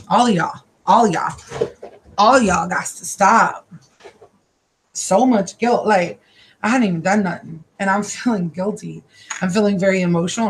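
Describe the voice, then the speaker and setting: A woman doing a live-streamed psychic reading from her own room. She talks haltingly and emotionally and repeats herself often. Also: lowish voice. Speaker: psychic card reader.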